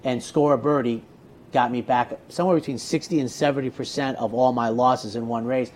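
A man's voice: medium pitch, brisk. A man who handicaps horse races, telling stories in casual chat and often repeating words as he starts a thought. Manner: animated storyteller, repeats words when starting. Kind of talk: casual racing talk show chat.

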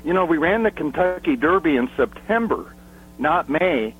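A man who covers horse racing, giving emphatic analysis full of statistics and rhetorical questions, clearing his throat often. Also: on the high side, expressive, moderate pace, faint music behind. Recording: phone line.

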